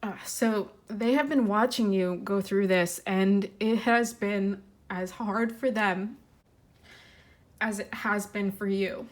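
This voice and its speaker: Woman doing a tarot reading, gentle, kinda teary, lots of ums and restarts. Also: medium pitch, steady tone, slow. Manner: gentle, heartfelt, with many fillers and restarts. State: tearful, fighting emotion. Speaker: tarot reader. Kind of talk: intuitive tarot reading to camera.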